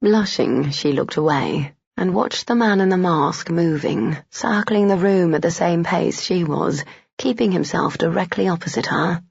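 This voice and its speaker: An audiobook narrator reading a romance novel in a measured storytelling manner. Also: mid-range voice, gravelly, breathy edge, no room sound, lo-fi sound.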